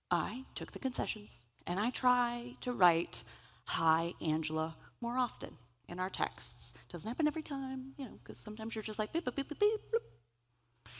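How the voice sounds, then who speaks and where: A woman giving a conference keynote, telling stories in an animated, humorous way. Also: on the high side. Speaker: keynote speaker. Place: event stage.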